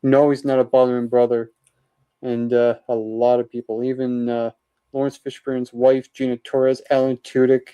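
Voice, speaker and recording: A man with a mellow, dark-toned voice walks through his shelf of movies and shows in a loose, chatty vlog. He gives quick opinions on each title and fills his pauses with uh and um. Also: mid-range voice, little pitch movement, clear, resonant tone, muffled recording. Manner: chatty, opinionated, with many uhs while listing titles. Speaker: vlogger showing his DVD collection. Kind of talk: casual collection walkthrough.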